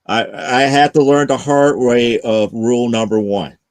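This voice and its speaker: A man's voice: mid-range voice, a little slow, no echo. A man co-hosting a casual chat, telling stories and acting out what people said, often stumbling over repeated words. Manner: storytelling, repeats words, acts out quotes. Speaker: co-host.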